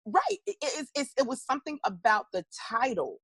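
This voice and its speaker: This middle-aged woman's voice is a little high, a bit bright and husky, expressive and a little fast. As a motivational speaker and interview guest, she tells stories animatedly and acts out her responses in a candid, conversational interview. The recording is dry.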